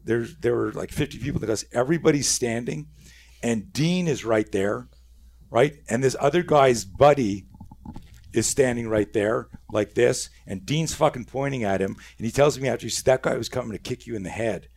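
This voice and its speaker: A man's voice: medium pitch, normal speed, gravelly. A middle-aged man telling a story in casual podcast chat, swearing freely, with lots of restarts. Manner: profane, animated storyteller with many restarts. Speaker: podcast guest, self-defense instructor.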